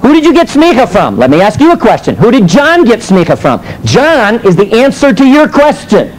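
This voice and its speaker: With an extremely high pitch and a moderate pace, an American man preaches and teaches a sermon, telling animated stories and posing rhetorical questions. He is a teacher and minister, heard on a low-quality recording with a little hiss or hum.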